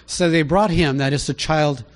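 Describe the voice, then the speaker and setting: A man preaching a conversational Bible teaching, asking rhetorical questions and rising in pitch to stress his points. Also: steady tone, moderate pace. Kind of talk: sermon teaching.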